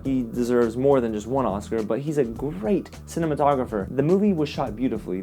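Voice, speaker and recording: A man giving a casual, expressive movie review as host, often exasperated. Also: mid-range voice.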